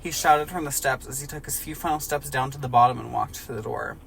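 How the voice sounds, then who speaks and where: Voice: mid-range voice, quick pace, gravelly, fairly bright tone, slight background noise. A podcast host doing a comedic reading of fan fiction, breaking off for laughing asides. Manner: laughing asides between lines.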